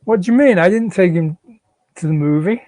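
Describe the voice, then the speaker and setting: A man's voice: high voice, fairly quick, dark tone, no echo, close to an everyday voice. A man reading the part of a defensive, out-of-work young father who stammers and pleads with his wife. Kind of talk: live fiction reading.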